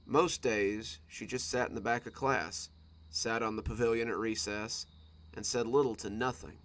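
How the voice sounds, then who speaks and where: A man narrating a scripted horror story for a storytime channel, reading in a dramatic, expressive way. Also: lowish voice, moderate pace.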